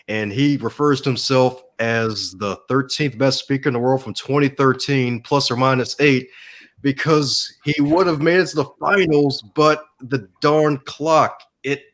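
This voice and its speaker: A man's voice: mid-range voice, fairly bright tone. A man on a podcast, talking in a casual, motivational way about how he grew as a speaker. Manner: enthusiastic, motivational. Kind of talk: casual storytelling.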